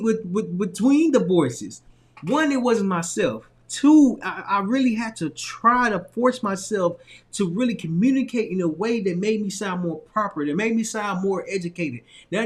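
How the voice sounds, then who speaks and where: A man with a Southern accent from Arkansas, speaking as a motivational speaker in a loose, casual storytelling style, repeating himself and laughing often. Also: high-pitched. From Little Rock, Arkansas, US. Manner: loose, repetitive phrasing with frequent laughs and restarts.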